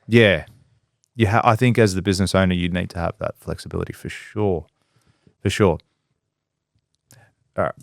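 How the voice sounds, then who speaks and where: Business-owner type, blunt and profane, lowish voice, dry studio sound. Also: male voice, steady tone, normal speed, creaky, pauses often, dry recording. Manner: blunt, swears freely, acts out quotes. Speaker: podcast guest, business owner. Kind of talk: casual podcast conversation.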